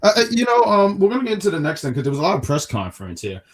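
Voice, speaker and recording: Man, animated voice, casual wrestling review chat, stammers and restarts, reads out viewer comments. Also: sits high, very fast. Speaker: wrestling review show co-host. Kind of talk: casual live-stream chat.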